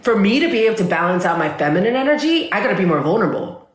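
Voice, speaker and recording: A woman working as a spiritual and business coach, talking in a casual podcast conversation. She is animated, swears freely and fills her speech with "like.". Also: mid-range voice, racing, echoey room.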